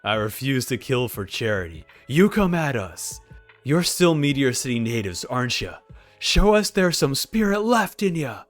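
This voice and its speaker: A man's voice: medium pitch, sing-song, moderate pace, soft background music, pitched above the performer's own voice, close to an everyday voice. A man doing a rowdy, brash street tough. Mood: goading. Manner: goading, rowdy. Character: brash rough male street fighter.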